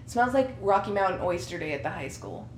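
A woman co-hosting a podcast, an animated storyteller who laughs often in casual chat. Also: fairly quick. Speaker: podcast co-host. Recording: roomy sound with faint rumble.

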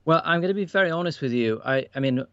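A man speaking as a podcast guest, measured and polite, with frequent ums and uhs. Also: fairly high pitch, expressive, fairly bright tone, dry recording. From United Kingdom. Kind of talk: casual podcast chat. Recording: dull, dry lo-fi sound.

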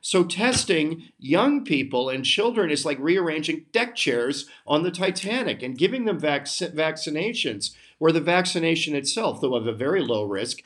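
A man's voice: a little high, very animated, moderate pace, hardly any pauses, fairly bright tone. An American man hosting a podcast, delivering an emphatic, sarcastic opinion monologue with open indignation. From United States. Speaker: podcast host.

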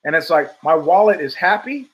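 A man's voice: on the high side, lively intonation, moderate pace, a little hiss or hum, poor audio. A man hosting his own talk show, telling rambling stories with voiced quotes and frequent laughs. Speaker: podcast host. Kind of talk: rambling casual monologue.

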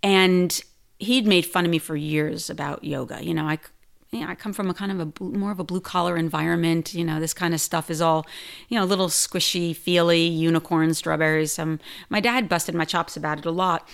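A woman's voice: on the low side, brisk, creaky. A woman who teaches yoga, telling stories in a casual interview and acting out the people she quotes. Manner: animated, quotes people in lively voices.

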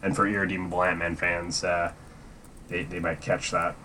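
A man with a bright, forceful voice talks casually through a movie recap. He rambles, leaning on "like" and "um" between thoughts. A faint hiss sits under his voice. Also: low-pitched, flat delivery, normal speed. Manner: rambling, full of fillers and "like". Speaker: podcast co-host.

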